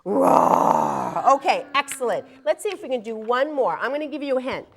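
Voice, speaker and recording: A woman's voice: high-pitched, expressive, quick pace. A young woman leading a children's yoga class on a TV show, playful and encouraging, singing and counting along with the kids. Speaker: kids' yoga instructor.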